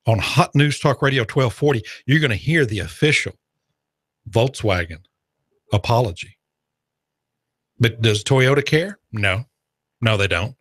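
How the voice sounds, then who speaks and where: Sarcastic talk radio host. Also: male voice, mid-range voice, lively intonation, a little slow, pauses often, fairly bright tone, slightly rough, no room sound. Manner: sarcastic, rambling, joking asides.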